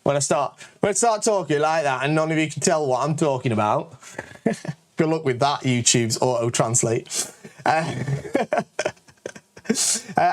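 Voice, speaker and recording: A man's voice: on the high side, lively intonation, a little slow, long pauses. Chatty northern English man. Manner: chatty, jokey, self-promoting, lots of "all right?" asides. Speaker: kendo channel host and shop owner. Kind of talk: casual Q&A rant to camera.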